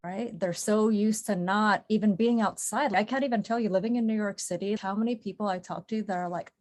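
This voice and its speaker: A woman's voice: medium pitch, a little fast, darkish tone. Woman podcast host, affirming questions. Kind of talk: interview conversation.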